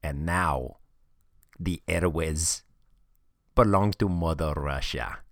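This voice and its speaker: A man's voice: rumbling low, slow, no room sound, studio quality, exaggerated voice. A man voicing a boastful male Russian hacker with a fake accent and broken English in a comedic podcast skit. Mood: gloating. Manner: gloating, mock-menacing, broken English.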